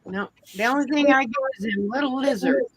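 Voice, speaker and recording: A woman's voice: high voice, a little fast, a crowd in the background, low-quality recording. A woman in a sewing circle, chatting casually and making short, matter-of-fact remarks. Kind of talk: casual chat.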